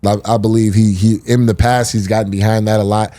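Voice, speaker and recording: Deep, mellow man in casual fight talk. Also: little pitch movement, brisk, dry recording. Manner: laid-back, profane, slangy. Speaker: podcast panelist, fighter. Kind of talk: casual fight-breakdown chat.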